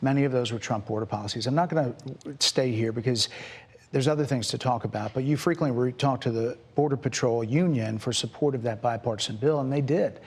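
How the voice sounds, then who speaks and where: Husky-voiced man asking pointed interview questions. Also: mid-range voice, brisk, a little mellow, long reverb tail. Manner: probing, persistent. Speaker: television interviewer. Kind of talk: pressing broadcast interview questions.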